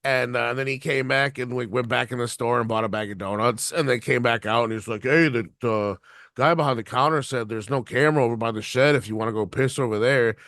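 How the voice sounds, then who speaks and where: A man's voice: medium pitch, fast, a bit bright, dry recording. Profane rambling podcast guy, dry sound. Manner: rambling, profane, laughs through his story. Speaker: podcast co-host. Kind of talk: casual anecdote telling.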